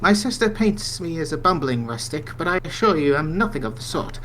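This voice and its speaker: A man's voice: a little high, lively intonation, a little fast, fairly bright tone, a little hiss or hum, voice pushed up, rough recording. A man reading aloud as a solemn, self-assured male seer in a fantasy game, with an improvised put-on accent.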